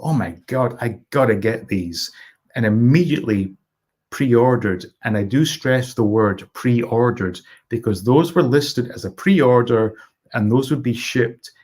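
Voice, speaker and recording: A man's voice: on the low side, a little mellow. A middle-aged man from Scotland hosting a casual live stream, reading viewer comments aloud and greeting chatters by name.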